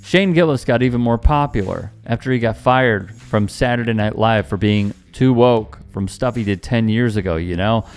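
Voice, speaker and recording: A man's voice: on the low side, moderate pace, hardly any pauses, clear, resonant tone, soft background music. A man doing political commentary, reading quotes aloud with a sarcastic edge.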